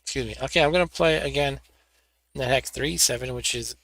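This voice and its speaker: A man's voice: medium pitch, fairly quick, gravelly, fairly bright tone. A man hosting a live gaming stream, chatting casually and narrating each step as he sets up and plays. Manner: chatty, narrates his own setup steps. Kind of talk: casual gameplay commentary.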